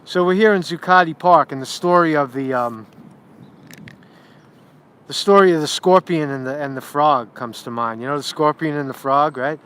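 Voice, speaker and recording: A man hosting a casual livestream vlog outdoors in a city park, who talks in a rambling, profane, animated way into a handheld phone. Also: on the high side, normal speed, smooth. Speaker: street reporter and livestream host.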